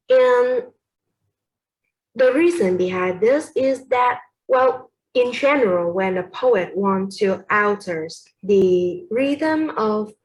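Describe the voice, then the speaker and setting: A woman's voice: mid-range voice, poor audio. A young woman with a Vietnamese accent gives a class presentation on poetry, hesitating often with fillers and correcting herself as she goes.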